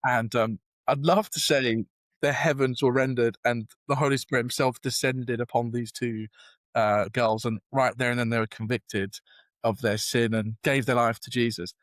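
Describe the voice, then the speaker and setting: A man's voice: medium pitch, fairly even intonation, normal speed, fairly bright tone, no room sound. A young British man with a casual, self-deprecating manner, telling a long story in a podcast interview, full of fillers and restarts. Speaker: guest.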